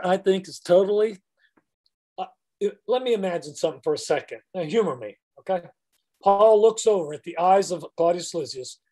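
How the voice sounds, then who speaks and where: Male Bible teacher, chatty classroom talk, mellow tone. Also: high-pitched.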